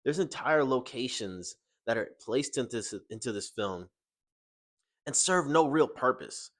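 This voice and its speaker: Young man, casual film review, exasperated, rhetorical questions, mid-pitched voice. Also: expressive, measured pace, fairly bright tone. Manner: exasperated, rhetorical, rising to incredulous highs.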